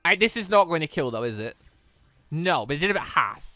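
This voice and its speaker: A man's voice: a little high, very animated, a little fast, bright, forceful tone, no room sound. A man giving exasperated let's-play commentary, swearing often and talking back to the game. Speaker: gaming YouTuber.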